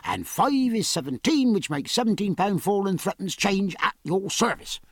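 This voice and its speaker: A man playing an indignant shopkeeper, brisk, emphatic, raised pitch, a little husky. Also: sing-song, no echo, clean studio sound, full character voice.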